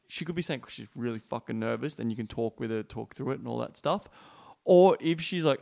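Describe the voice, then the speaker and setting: A man's voice: medium pitch, animated, fairly quick, creaky, darkish tone. A man hosting a podcast in casual chat, blunt and profane, acting out quotes as he talks. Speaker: podcast host.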